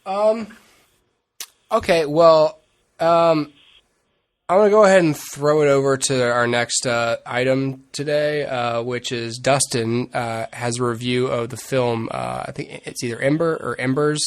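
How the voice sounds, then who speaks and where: A man hosting a podcast, handing over to the next segment with drawn-out, filler-heavy segues. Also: medium pitch. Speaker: podcast host.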